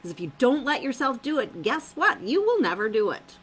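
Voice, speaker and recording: A woman's voice: high voice, big pitch swings, fairly quick, a bit bright, husky, poor audio. A woman hosting a live-streamed motivational talk, upbeat and emphatic, repeating her phrases and laughing often.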